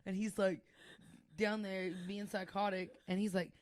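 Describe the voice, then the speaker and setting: Her medium-pitched voice moves at normal speed, with a dry, clean studio sound. A young podcast co-host, she keeps things casual, laughing frequently as she tells animated stories.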